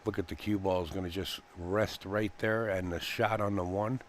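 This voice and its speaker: A man with a low, deep voice calls a live pool match in a relaxed, folksy way. He rambles between shots and fills the gaps with uhs. A faint hum sits under his voice. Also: moderate pace. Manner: chatty, folksy, laughs easily, frequent fillers. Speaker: pool commentator. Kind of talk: live sports commentary. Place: pool hall commentary booth.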